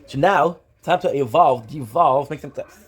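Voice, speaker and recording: A man's voice: a little high, moderate pace. Rambling, swearing male streamer. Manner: rambling, swears casually, talks to himself. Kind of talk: casual live-stream chat.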